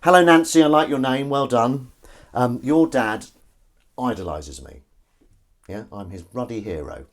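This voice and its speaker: A man's voice: mid-range voice, lively intonation, measured pace. A man chatting casually on a live stream while washing up, rambling and teasing the people watching. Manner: rambling, chatty, teasing, talks to chat while doing chores. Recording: running water and dish clatter behind.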